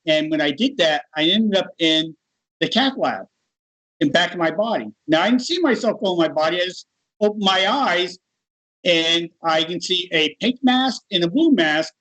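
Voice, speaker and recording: A middle-aged American man telling a personal story in a casual, animated interview. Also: sits high, moderate pace, low-quality recording. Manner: animated, laughs while telling. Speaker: guest.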